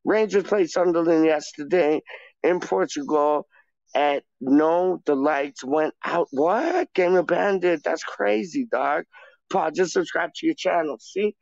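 A man's voice: fairly high pitch, expressive, a little slow, vocal fry, a little mellow, dry recording, dull audio. A man hosting his own channel, chatting casually in slang and rambling on a livestream, calling everyone "dog". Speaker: channel host. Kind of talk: casual livestream chat and freestyle rap.

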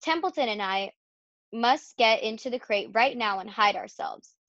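A woman doing a soft, calm clever spider. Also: a little high, moderate pace, dry recording, lo-fi sound. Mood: urgent. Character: gentle clever female spider.

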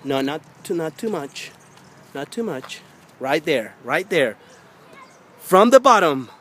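A man coaching his young daughter at basketball outdoors, coaxing and repeating encouragement, sometimes rising to loud urging. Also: big pitch swings, slow, slightly rough. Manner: encouraging, repetitive coaxing, gets loud and high when urging. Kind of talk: casual coaching. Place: outdoors by a hoop. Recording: faint outdoor background noise.

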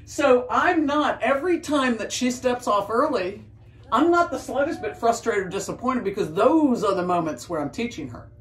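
Calm woman dog trainer, roomy and distant. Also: a little high, normal speed. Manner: calm explaining, sing-song coaxing to dogs. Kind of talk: hands-on training demonstration. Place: indoors with dogs. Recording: roomy sound from a distance, faint music.

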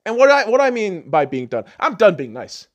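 A man on a podcast, launching into an angry, profanity-filled rant. His pitch leaps and plunges all over the place. He lurches from yelling to muttering and back, hurling insults at his listeners. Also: sing-song, normal speed. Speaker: podcast host.

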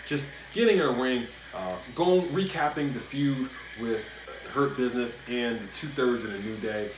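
A man's voice: mid-range voice, animated, normal speed. A man hosting a casual wrestling review, talking animatedly and repeating himself when he gets worked up. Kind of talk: casual solo review commentary. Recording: echoey room with faint noise.

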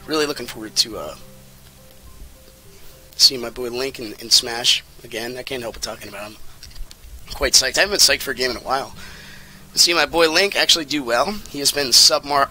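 Bright-voiced man rambling over gameplay. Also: medium pitch, slightly rough. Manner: rambling, jokey, excitable outbursts. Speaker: let's play commentator. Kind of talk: casual gameplay commentary.

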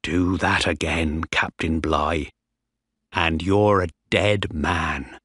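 A hardened sailor murmurs his threats low and quiet, as a man puts him on. His delivery is slow and deliberate, and the sound is dry and close. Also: animated, no echo, heavily acted. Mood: menacing.

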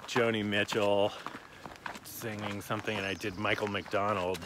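A man in his forties, a comedian, chatting casually while hiking and telling animated stories outdoors. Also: normal speed, noisy background. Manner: animated storyteller, jumps into high voices for quotes. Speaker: comedian guest.

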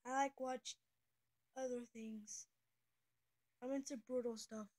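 Giggly high-voiced girl chatting. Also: fairly even intonation, takes it slowly, long pauses, a little mellow. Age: young, says she is twelve. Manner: giggly, chatty, jumps between topics. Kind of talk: casual chat on a call.

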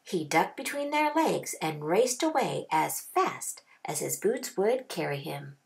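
Brief: woman teacher, storybook read-aloud, lively and slow, gravelly undertone. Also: on the low side. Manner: expressive storytelling with drawn-out phrases. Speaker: kindergarten teacher. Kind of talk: children's picture-book read-aloud.

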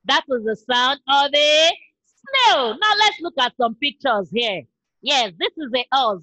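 A woman with a Nigerian accent teaching young children in an online class, imitating animal sounds in a slow sing-song way. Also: sits high, big pitch swings, pushed and bright. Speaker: primary school teacher.

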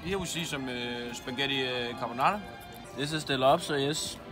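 A man's voice: mid-range voice, poor audio. A young man with a Danish accent, chatting hesitantly as a student vlogger. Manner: hesitant, many pauses. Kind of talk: casual vlog commentary. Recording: loud music behind.

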